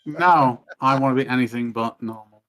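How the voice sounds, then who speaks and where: A man's voice: medium pitch, moderate pace, a bit bright. A man on an online voice call, talking bluntly and rambling with a few fillers as a chat participant. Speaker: caller in voice chat.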